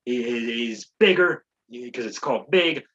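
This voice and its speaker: A man's voice: mid-range voice, lively intonation, a little slow, fairly bright tone, muffled recording. A male comedian hosting a podcast, rambling through a sarcastic, profane recap of a movie plot.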